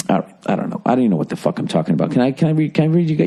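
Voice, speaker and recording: A man hosting his own podcast, rambling alone and thinking out loud with constant swearing as he riffs on whatever he's looking at. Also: fairly high pitch, very animated, racing, few pauses, dull audio. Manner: profane, riffing, thinking out loud. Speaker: podcast host. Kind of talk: rambling solo podcast monologue.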